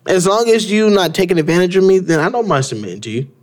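A man in his twenties, co-hosting a podcast, keeps teasing his co-host and laughing as he talks. His voice sits a touch high and swings widely in pitch. The talk is loose, casual banter. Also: lively intonation, fast, faint music behind. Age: 20s. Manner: teasing, joking, laughs often. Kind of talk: casual chat.

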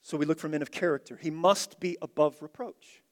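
A man preaching an expository sermon, emphatic, repeating key phrases and swinging from loud to hushed. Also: a little high, steady tone, fairly quick, big-room sound. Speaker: pastor.

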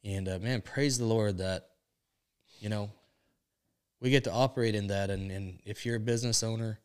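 A man with a lowish, smooth and resonant voice tells a faith testimony into a podcast mic. He speaks earnestly and strings his thoughts together with frequent "and, uh", like someone recounting a story that moved him. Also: fairly even intonation, normal speed. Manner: earnest storytelling, many "and, uh" links. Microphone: podcast microphone.

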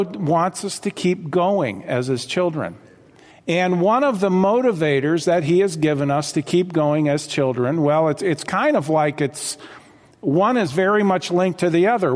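A man's voice: sits high, expressive, measured pace, in a large hall. A man preaching a sermon as pastor, earnest and conversational, often repeating phrases for emphasis.

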